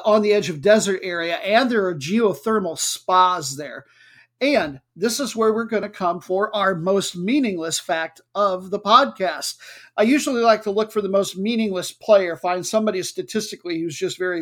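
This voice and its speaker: A man's voice: high-pitched, a bit bright. A man hosting a podcast in a casual, jokey, chatty way, with filler words. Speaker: podcast host. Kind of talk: casual chat.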